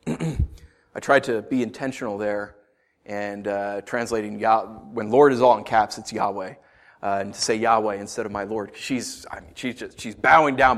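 A man preaching a sermon, telling stories with sudden shouted bursts and rhetorical questions to the congregation. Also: on the low side, normal speed. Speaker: pastor.

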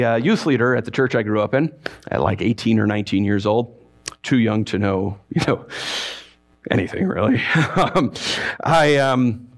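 Man preaching a lively conversational sermon. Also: mid-range voice. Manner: lively storytelling with self-mocking asides; shifts into quiet, earnest emphasis. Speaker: pastor.

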